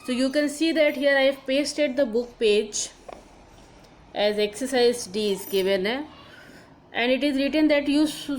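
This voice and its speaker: A woman teacher, slowly explaining grammar to schoolchildren and repeating each example. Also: on the high side, slight background noise, poor audio. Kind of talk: recorded online grammar lesson.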